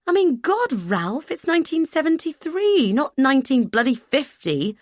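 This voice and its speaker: A woman voicing a brash, outspoken 1970s woman who talks in a loud, mocking, indignant way. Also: low-pitched, brisk, no room sound, clean studio sound, close to an everyday voice.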